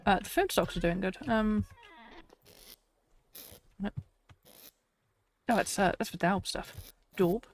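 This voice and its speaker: A woman's voice: medium pitch, slow, long pauses, slight background noise. A woman streaming a survival game, chatting to viewers and talking herself through tasks, laughing often. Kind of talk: casual live-stream chat.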